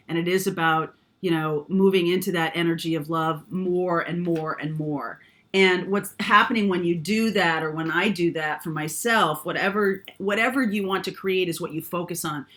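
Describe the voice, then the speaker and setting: A woman's voice: on the low side, a bit bright. A woman giving a casual spiritual tarot reading, rambling and often checking in with "okay?". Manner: meandering, frequent "um" and tag "okay?". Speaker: tarot reader.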